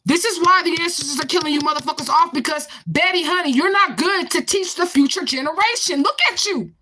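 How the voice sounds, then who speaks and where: A woman's voice: very high voice, a little fast, pushed and bright. A woman in her forties in a confrontational, profane vlog rant, answering a commenter with repeated questions. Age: 40s. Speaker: vlogger. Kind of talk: ranting to camera.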